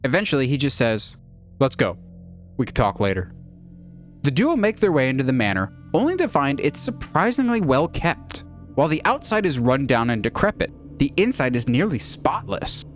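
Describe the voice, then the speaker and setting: A man narrating a movie pitch in an enthusiastic, animated way. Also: fairly quick, faint music behind. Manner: animated, lively.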